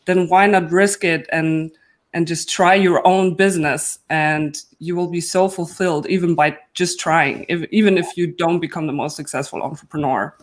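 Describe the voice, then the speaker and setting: A woman's voice: fairly low pitch, steady tone, moderate pace. A woman on a panel, telling her story in an earnest, reflective way. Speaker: panel guest. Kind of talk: casual panel chat.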